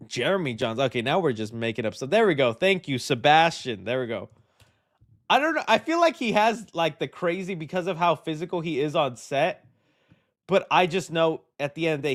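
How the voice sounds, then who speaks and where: A man hosting a live movie news stream, chatting loosely with his viewers, joking, trailing off and restarting his thoughts. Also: medium pitch. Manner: rambling, joking, reads and answers chat, hesitant restarts. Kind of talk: casual live-stream chat.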